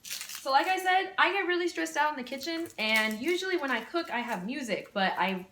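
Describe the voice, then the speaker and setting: A woman's voice: high-pitched, animated, fairly quick, sharp tone, roomy sound. A woman, chatting playfully in a casual cooking vlog, with dramatic bursts of mock panic. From Texas. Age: 20s. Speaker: vlogger. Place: home kitchen.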